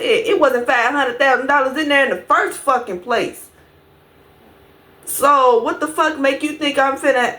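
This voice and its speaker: A woman telling a storytime to her viewers, casual and profane, talking to them directly. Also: a little high. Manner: profane, animated, addresses viewers as y'all.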